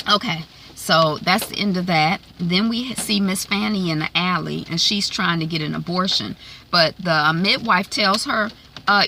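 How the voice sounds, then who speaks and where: A woman's voice: lowish voice, a little slow, bright, forceful tone, slight background noise. A woman recapping a TV episode in a casual, rambling vlog, full of fillers and restarts. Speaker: TV recap vlogger.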